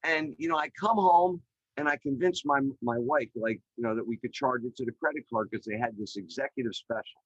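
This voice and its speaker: A man's voice: medium pitch, brisk, dry recording, muffled recording. Chatty middle-aged man telling his story. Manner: energetic, chatty, many "you know" fillers. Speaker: podcast guest, real estate developer. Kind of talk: animated storytelling in an interview. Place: remote call.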